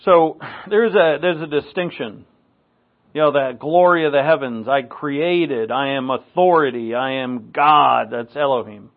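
A man's voice: fairly high pitch, unhurried. A man from New England preaching a Bible teaching sermon in a conversational, wry way, with asides and dry jokes. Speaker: pastor. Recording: tinny phone-like recording.

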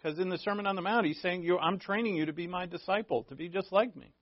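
A man preaching a sermon, telling stories with animated acted-out quotes and laughing at himself. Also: high-pitched, fast talker, no room sound. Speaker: pastor. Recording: dull, dry lo-fi recording.

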